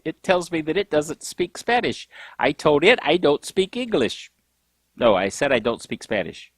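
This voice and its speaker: Chatty lively man with a dry sound. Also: a little high, no room sound. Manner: rambling, self-mocking storyteller who laughs a lot. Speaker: tech podcast host. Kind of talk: casual tech show chat.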